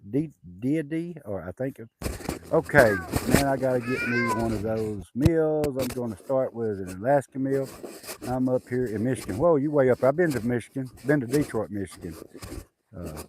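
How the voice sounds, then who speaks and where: A man's voice: mid-range voice, a little mellow, a little hiss or hum. Rambling Southern man chatting on a live stream. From Southwest Arkansas, USA. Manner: rambling, halting, many fillers and restarts. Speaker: homesteader livestreaming. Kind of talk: casual live-stream chat reading comments. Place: outdoors on a rural homestead.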